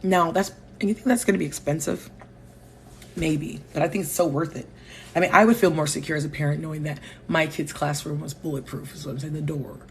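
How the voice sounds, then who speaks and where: A woman from Connecticut with a local accent, hosting a live stream on her phone and talking in an animated, opinionated, chatty way with her viewers. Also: deep voice, brisk, a little hiss or hum. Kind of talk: casual live-stream talk.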